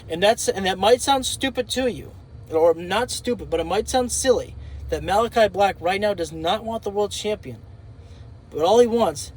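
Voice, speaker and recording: A high-voiced man sharing his own views in a casual vlog. He thinks aloud as he goes, with plenty of fillers and restarts. The delivery is loose and conversational. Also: rough recording. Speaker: wrestling commentator.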